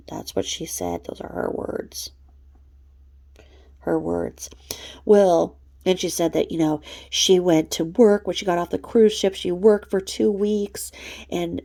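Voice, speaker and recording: A woman's voice: mid-range voice, gravelly, warm tone. A woman hosting snarky gossip commentary, profane, mocking and blunt. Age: adult mother. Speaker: commentary channel host.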